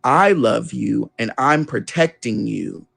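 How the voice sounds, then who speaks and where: A man's voice: mid-range voice, slow, gravelly, slightly rough. A young adult man telling a personal family story as an interview guest. He acts out the voices of the people in it and swears casually. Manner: animated storyteller who acts out the people he quotes.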